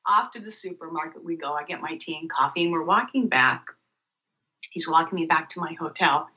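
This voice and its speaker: Woman radio guest, animated storyteller; bright voice, dull lo-fi audio. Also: low-pitched, brisk. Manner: animated storyteller acting out dialogue. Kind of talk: storytelling interview.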